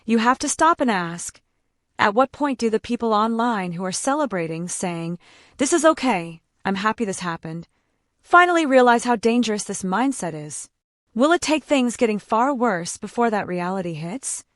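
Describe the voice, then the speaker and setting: A woman gives grave, measured commentary in a steady, scripted delivery. The recording is dry and close. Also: fairly high pitch, no echo.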